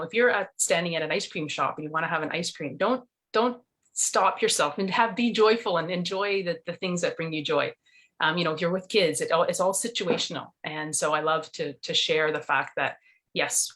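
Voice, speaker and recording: Woman, middle-aged, nutrition coach, earnest, animated, slightly low voice, video call interview. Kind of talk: interview storytelling.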